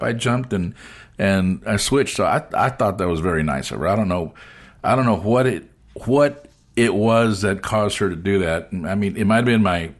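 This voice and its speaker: A man hosting an interview, telling a travel story in a relaxed, chatty way and acting out the people in it. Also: fairly low pitch. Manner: animated storyteller acting out dialogue. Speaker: podcast host.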